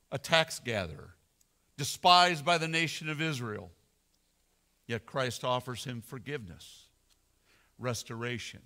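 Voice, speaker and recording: A male pastor preaching a sermon, slow and dramatic, swelling loud then dropping almost to a whisper. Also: medium pitch. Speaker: senior pastor.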